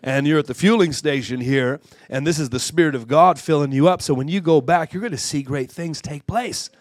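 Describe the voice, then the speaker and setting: A man's voice: a little high, a little fast, no room sound. Fervent man preaching at a conference. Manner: stumbling restarts, building to fervent shouts. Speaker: guest preacher. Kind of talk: sermon. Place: church conference hall.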